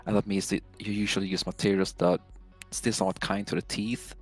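A man's voice: deep voice, flat delivery, fairly quick, faint music behind. A man explaining things in a matter-of-fact way during a casual group chat, with frequent filler sounds.

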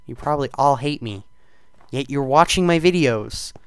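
A man's voice: mid-range voice, moderate pace, clean tone, no room sound. Rambling teenage boy narrating gameplay. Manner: self-deprecating, rambling, with sudden loud outbursts. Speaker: gaming channel host. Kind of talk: casual gameplay commentary.

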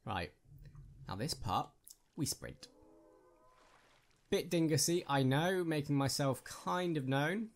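A man's voice: fairly high pitch, lively intonation, slow pace, pauses often. A man hosting a gaming channel, giving casual, jokey commentary on his own gameplay and chatting with viewers.

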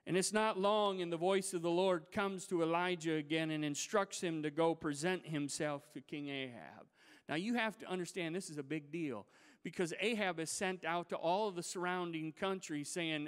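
A male pastor preaches in a church sanctuary, telling a Bible story with lively, dramatic flair. His voice is pitched high for a man and is smooth and resonant. A long reverb trails off the room. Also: normal speed. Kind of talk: sermon.

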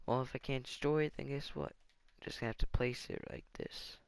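A man's voice: mid-range voice, fairly even intonation, fairly quick, creaky, clean tone, no echo. A man giving casual let's-play commentary, rambling and thinking aloud as he plays. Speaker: gaming channel host.

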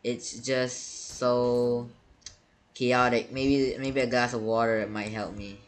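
A gaming YouTuber gives panicky, stammering gameplay commentary, repeating words again and again. His mid-range voice is flat, and he takes it slowly.

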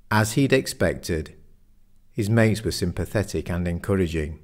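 A man narrating an audiobook in a measured storytelling manner. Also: low-pitched, animated. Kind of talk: scripted narration.

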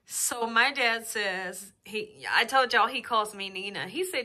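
A woman's voice: on the high side, expressive, bright, forceful tone. A woman, talking in a heartfelt, emotional way in a casual home vlog, close to the camera. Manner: heartfelt, slow and drawn-out, emotional. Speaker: cooking channel host. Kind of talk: casual personal vlog talk. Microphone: camera very close to her face.

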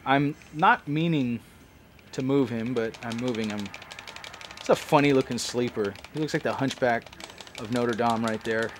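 A man's voice: mid-range voice, normal speed. Laid-back guy doing let's play commentary, chatty n rambly, bit of hiss behind. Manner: rambling, chatty, fan reminiscing. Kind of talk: casual gameplay commentary.

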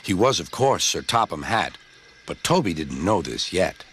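A man reading a children's storybook aloud as narrator, in a gentle, expressive way. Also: sits low, moderate pace, a crowd in the background.

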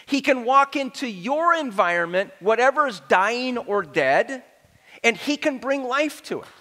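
A middle-aged male pastor preaching a sermon to his congregation, animated and joking, getting the crowd to respond. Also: very high voice, unhurried. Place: large church hall. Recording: reverberant church hall.

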